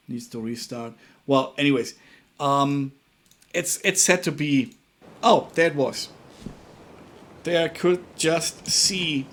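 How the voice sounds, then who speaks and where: Young German-accented man, slightly high voice, casual halting live-coding tutor. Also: a bit bright. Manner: halting, repeats words, thinks aloud while working. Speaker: livestream programming tutor.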